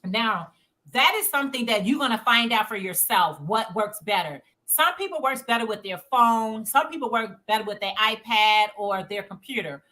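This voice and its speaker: Chatty bright-voiced woman livestream host. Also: on the high side, expressive, normal speed. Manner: reads chat messages aloud, chatty and informal. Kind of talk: casual chat reading viewer comments.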